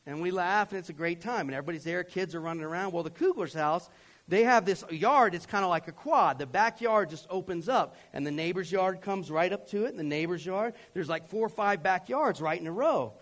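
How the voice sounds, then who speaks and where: A middle-aged male pastor tells a story during a sermon in a conversational, self-deprecating way, often checking in with his listeners. He shifts between loud outbursts and quiet confession, speaking a little fast in a high voice with lively intonation.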